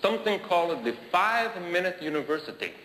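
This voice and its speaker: A man, a comedian, voicing a deadpan man with a fake Italian accent, delivering dry comic patter. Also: sits high, a little fast. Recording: echoey hall, noisy, audience laughter.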